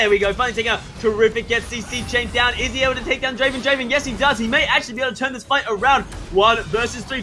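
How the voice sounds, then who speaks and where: Excitable high-voiced Australian esports caster. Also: male voice, slight background noise. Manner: excitable, shouts at big plays. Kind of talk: play-by-play commentary.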